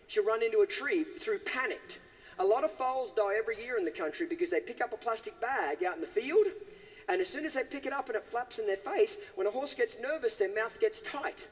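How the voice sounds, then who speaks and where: A man's voice: high-pitched, long reverb tail, a little hiss or hum. A man giving a live horse-training demonstration, asking his listeners questions and tagging lines with "okay?". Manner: asks the audience questions, keeps saying okay. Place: horse arena.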